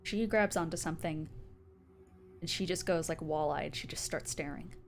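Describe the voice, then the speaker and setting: A woman's voice: low voice, normal speed, faint music behind. A woman narrating as game master in a casual, giggly way.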